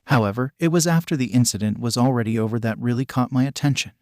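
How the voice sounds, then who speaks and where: A man reading the lines of a seasoned male hero mentor in an even, unvoiced tone for a fan fiction story. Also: mid-range voice, fast talker, no room sound, studio quality, close to an everyday voice.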